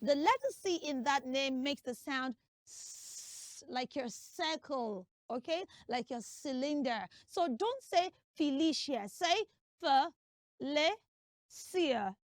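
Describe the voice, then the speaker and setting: A woman hosting a children's show, teaching name pronunciation in a lively, sing-song way. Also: sits high, a little slow, hardly any pauses, dry recording, studio quality.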